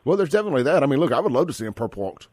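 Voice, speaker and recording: A man's voice: medium pitch, sing-song, rapid-fire, darkish tone, dry recording, clean studio sound. A man from Mississippi hosting a talk radio show, blunt and folksy, calling listeners brother. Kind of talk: conservative talk radio commentary.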